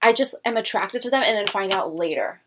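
A woman's voice: mid-range voice, lively intonation, fairly quick, a little hiss or hum. A young woman co-hosting a podcast in casual chat, giggly and full of "like". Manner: chatty, giggly, lots of "like". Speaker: podcast co-host.

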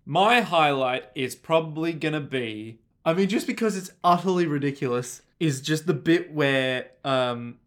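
A young man with a fairly high voice chats on a casual podcast. He talks in a jokey way, with quick asides and playful mock voices. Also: lively intonation, fairly bright tone. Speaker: podcast co-host. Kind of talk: casual chat.

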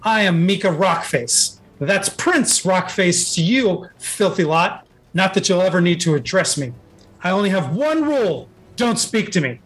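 A woman's voice: lowish voice, big pitch swings, measured pace, faint music behind. Haughty dwarf ship captain, female, barks curt orders, voiced by a man. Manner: imperious, clipped and commanding.

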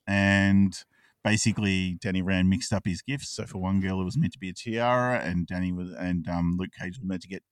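A man hosting a casual podcast chat, recapping a cartoon episode and acting out the characters' lines in quick asides. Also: low-pitched, fairly even intonation, dry recording, studio quality, recorded from a distance. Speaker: podcast co-host.

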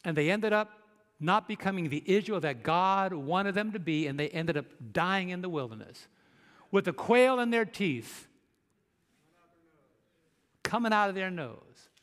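A man's voice: high voice, animated, normal speed, fairly bright tone, in a large hall. A male pastor preaching a sermon, emphatic and asking the congregation rhetorical questions.

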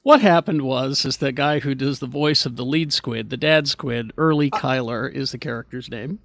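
A man's voice: medium pitch, moderate pace, gravelly, fairly bright tone, no room sound. A man hosting a radio show, chatting casually and rambling with lots of fillers and restarts.

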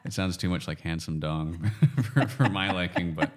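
A Canadian man hosting a podcast, chatting casually and rambling with frequent self-corrections and quick laughs. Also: low-pitched, fairly even intonation. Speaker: podcast host. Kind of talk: casual chat.

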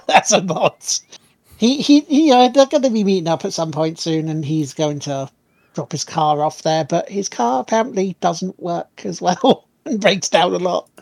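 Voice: medium pitch, a little slow, creaky, darkish tone, no echo. A co-host of a live-streamed podcast, teasing the other host and laughing often in casual banter.

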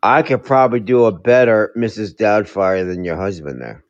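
A man's voice: on the low side, normal speed, no echo. A laid-back man bantering in a comedy show, saying "dude" constantly and arguing playfully. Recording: dull dry lo-fi sound.

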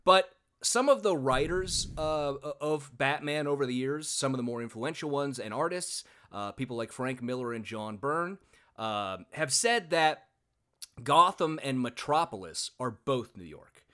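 Male podcast host, bright forceful tone, rambling friendly chatter with fillers. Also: mid-range voice, animated, measured pace. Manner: chatty, self-deprecating, lots of filler words. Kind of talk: casual podcast chat.

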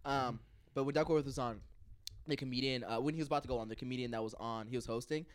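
A man's voice: mid-range voice, fast talker. A man co-hosting a casual podcast chat, telling stories in a laid-back way and laughing as he goes.

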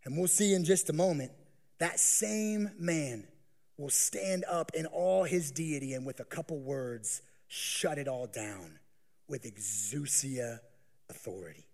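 A male pastor preaching a sermon, swinging from hushed, slow lines to loud, pleading acted voices. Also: on the high side, creaky.

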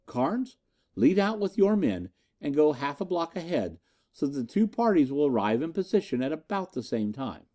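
A man voicing a big, commanding male scientist-detective who gives brisk orders. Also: a little high, very animated, dark tone, voice pushed up.

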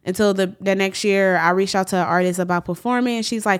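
A woman in her thirties from Milwaukee, a guest telling her story in a casual interview with animated bursts. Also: medium pitch, brisk, hardly any pauses, smooth. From Milwaukee, USA. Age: 30s. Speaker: event organizer, guest.

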